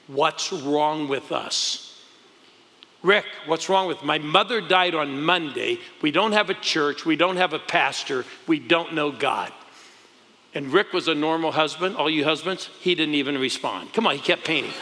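A male pastor telling stories in an exclamatory, emphatic way, with loud outbursts to the crowd. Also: on the high side, moderate pace, slight background noise. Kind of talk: animated storytelling testimony. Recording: long hall reverb.

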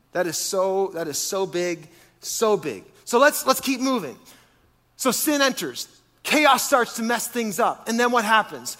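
Male pastor, high pitch, animated sermon delivery, long reverb of a big room. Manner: animated, with rhetorical questions to the congregation.

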